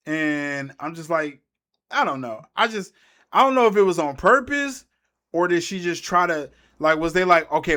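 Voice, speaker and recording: A man talking through a film scene by scene in a loose, slangy way. He rambles and trails off mid-thought. His voice sits a touch higher than most men's. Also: fairly bright tone. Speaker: movie breakdown YouTuber. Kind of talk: casual movie recap commentary.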